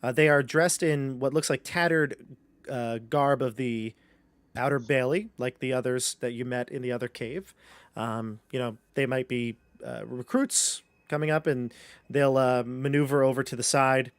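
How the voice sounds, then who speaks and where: A man running a tabletop game as game master, setting scenes in a relaxed way. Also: mid-range voice, normal speed, no echo.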